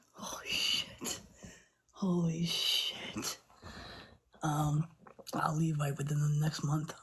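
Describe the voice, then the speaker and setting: A woman on a live stream whose voice is heavily breathy and husky. She talks low and slow, letting out gasped exclamations and sliding into whispers between lines. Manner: overwhelmed, gasping exclamations, often whispering. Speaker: livestreamer. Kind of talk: live stream chat with viewers.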